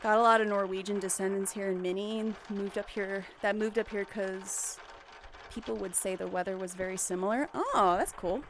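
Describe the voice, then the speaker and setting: A woman's voice: medium pitch, steady tone, normal speed, slight background noise. A young woman livestreaming, chatting casually and rambling with giggles and restarts.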